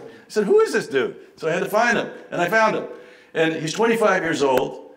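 An enthusiastic male host tells stories at a press conference, acting out the quotes as he goes. His voice sits a little high and moves quickly from one story to the next. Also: echoey room, poor audio.

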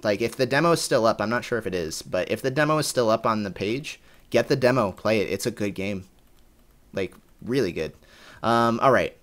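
Man, low pitch, casual podcast co-host, reads blurbs aloud, laughs a lot. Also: animated, fairly quick, fairly bright tone. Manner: reads out game blurbs, laughs often, rambling. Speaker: podcast co-host running a guessing game.

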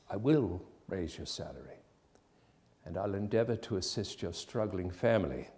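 A man playing an elderly reformed miser, full of warm glee and sometimes feigning his old gruffness, in a filmed one-man stage reading. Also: deep voice. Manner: theatrical, feigns gruffness at times.

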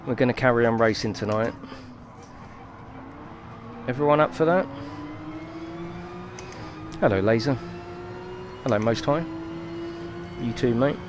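A man's voice: medium pitch, unhurried, pauses often. Sweary man streaming a race. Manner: sweary, apologetic, giggly. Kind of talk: live racing game stream commentary.

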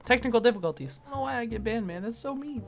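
A woman's voice: fairly high pitch, animated, racing. A woman chatting crudely and jokingly while playing a shooter game with friends. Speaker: gamer. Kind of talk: casual gameplay chat.

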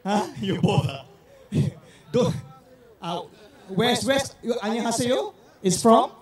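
A man hosting a crowd game on stage with lots of energy, shouting and repeating words quickly over the crowd. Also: very high voice, recorded from a distance. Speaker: event host. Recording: echoey hall, heard from afar.

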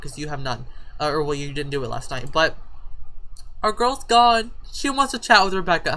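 A woman's voice: deep voice, fairly quick, sharp tone. A woman giving casual gameplay commentary, chatting and scolding her game characters like a parent. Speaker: gaming YouTuber. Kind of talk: casual life-sim let's play commentary.

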